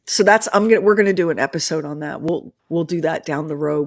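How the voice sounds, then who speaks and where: A woman co-hosting a podcast livestream, talking in a chatty, animated way and laughing often. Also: sits low, fairly quick, vocal fry, few pauses, no room sound, clean studio sound. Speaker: podcast co-host. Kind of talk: casual livestream chat.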